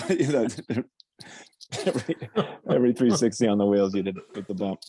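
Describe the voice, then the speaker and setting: A man's voice: on the low side, animated, moderate pace, warm tone, husky. A man in casual chat who tells stories and laughs as he goes. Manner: laughs while telling stories.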